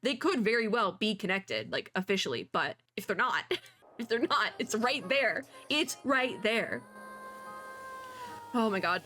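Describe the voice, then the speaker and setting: A woman giving casual, excitable reaction commentary as a VTuber, chatty and gushing. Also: mid-range voice, a little slow, slight background noise. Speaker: VTuber reacting to an animated short. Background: faint music from the video.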